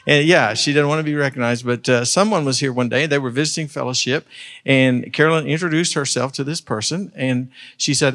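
A man's voice: medium pitch, brisk. A man leading a church service as pastor, joking and chatting with members of the congregation. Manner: warm joking banter with congregation. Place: church sanctuary. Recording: reverberant church sanctuary.

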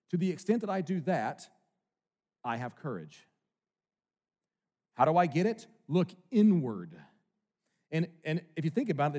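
A man preaching a sermon in a conversational way, with quick restarts, swinging from hushed to loud for emphasis. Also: on the high side, long reverb tail. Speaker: pastor.

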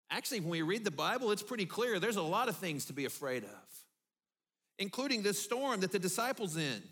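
A man preaching a sermon, telling the story vividly and dropping low and soft for emphasis. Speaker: pastor.

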